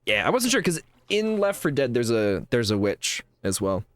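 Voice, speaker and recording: A man hosting a podcast who tells jokes with deadpan setups and laughs a lot. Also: medium pitch, moderate pace, no echo. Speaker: podcast host. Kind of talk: casual podcast chat.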